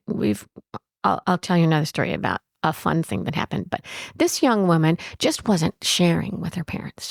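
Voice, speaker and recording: Gravelly-voiced woman telling stories. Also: mid-range voice, no room sound, clean studio sound. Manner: chatty, with frequent restarts and fillers. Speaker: bed and breakfast owner. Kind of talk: storytelling in an interview.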